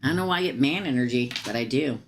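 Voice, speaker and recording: Low-voiced woman giving a tarot reading. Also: lively intonation, fast talker, slight background noise. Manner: chatty, emphatic, repeats advice. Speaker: tarot reader.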